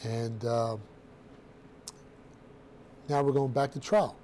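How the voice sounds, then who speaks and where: A middle-aged man telling his own story to a room of students in a blunt, streetwise, animated way, with casual slang. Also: mid-range voice, takes it slowly, a little hiss or hum. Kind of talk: personal storytelling talk to students.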